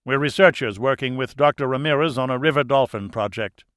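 A man voicing a steady, wry male researcher who speaks in an even, matter-of-fact way. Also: medium pitch, a little fast, dry recording, clean studio sound, natural voice.

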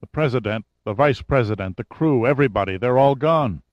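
A man's voice: medium pitch, expressive, a little fast, dry recording, muffled recording, close to an everyday voice. A man voicing a male federal agent who talks in short, clipped radio phrases. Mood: stunned. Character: male federal agent, steady then shaken.

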